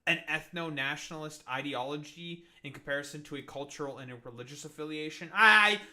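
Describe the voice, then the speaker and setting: A man's voice: fairly high pitch, fairly even intonation, quick pace, sharp tone. A male streamer doing casual commentary in profane, rambling rants full of fillers.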